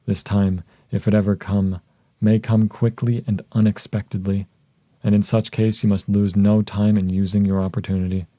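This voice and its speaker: Devoted young wife, soft and solemn, man reading her lines, low and flat. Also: moderate pace, no echo, natural voice. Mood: solemn tender.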